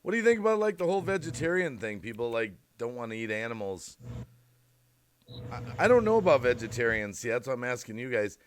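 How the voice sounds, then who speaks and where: Animated man hosting a casual livestream. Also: mid-range voice, fairly quick, slight background noise. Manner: animated storyteller, laughs through his stories. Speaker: livestream host.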